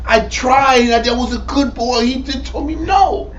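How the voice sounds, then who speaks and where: A man's voice: very high voice, moderate pace, a bit bright, highs cut off. A man playing a sulking, childish king, whiny and petulant, recorded from a distant mic. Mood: sulky. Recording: distant mic with background noise.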